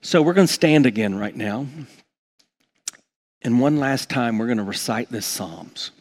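A man preaching a sermon as pastor, swinging from quiet, intimate asides to loud, fervent outbursts, with homely examples. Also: mid-range voice, expressive, measured pace. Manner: folksy, uses homely examples.

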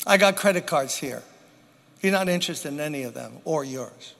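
A man preaching a sermon to a church congregation, with dramatic pauses and emphatic repetition. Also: on the high side, lively intonation, creaky, a bit bright. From New York. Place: church sanctuary. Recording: long hall reverb.

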